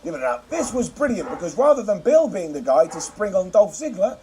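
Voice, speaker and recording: A man narrating a scripted wrestling review in an animated, sarcastic, joking way. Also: high-pitched, a little fast, a little hiss or hum.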